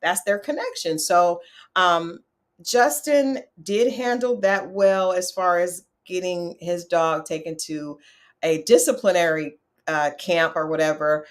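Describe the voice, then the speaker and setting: A woman's voice: lowish voice, measured pace. A woman hosting a casual reality-show recap, chatty and opinionated, talking straight to her viewers. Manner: chatty, opinionated, talks to viewers, animated asides. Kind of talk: casual chat.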